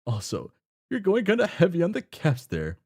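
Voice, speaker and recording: A man's voice: fairly high pitch, huge pitch swings, moderate pace, darkish tone, full character voice. A man voicing a cheerful, clueless young man who talks in folksy old-fashioned slang while reading a webcomic aloud. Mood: placating. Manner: folksy, upbeat, oblivious.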